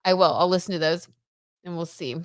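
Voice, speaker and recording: A tarot reader hosts a gossip livestream, chatting casually, reading out viewer comments, and using lots of fillers like "like" and "um." Her voice is lowish and fairly quick, and the sound is studio quality with no echo.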